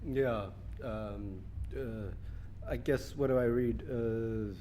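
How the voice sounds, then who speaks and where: A man's voice: mid-range voice, fairly even intonation, slow pace, dark tone, a little hiss or hum. A man from Russia, an author talking onstage at a reading and taking audience questions, self-mocking and joking. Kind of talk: onstage conversation and Q&A. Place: stage in an event hall.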